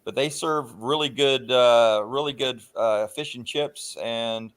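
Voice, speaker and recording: A man hosting a casual livestream, rambling through topics with plenty of filler pauses and free swearing. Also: medium pitch, a bit bright, smooth. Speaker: livestream host.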